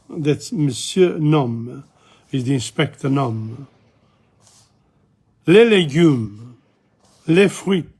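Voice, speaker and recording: A man teaching a casual French lesson in English, repeating phrases and chatting as he goes, his voice going hoarse. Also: on the high side. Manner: chatty, self-interrupting, repeats phrases slowly. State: losing his voice, coughing. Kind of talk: casual spoken language lesson.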